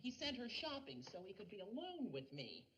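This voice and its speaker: An actress playing a flustered young wife who hesitates and stammers over a secret. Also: female voice, mid-range voice, huge pitch swings, brisk, dull audio, heavy background noise. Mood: dreamy.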